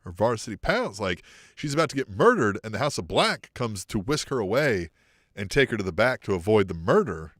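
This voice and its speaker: Brief: male co-host, mid-pitched, very expressive, dry close sound, casual swearing. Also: brisk, no echo. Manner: blunt and profane, eager to pitch ideas. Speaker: podcast co-host. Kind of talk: casual chat.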